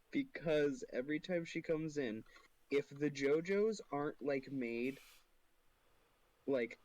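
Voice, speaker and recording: A young man co-hosting a podcast in casual chat, laid-back with quick asides. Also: fairly high pitch, darkish tone, low-quality recording. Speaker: podcast co-host.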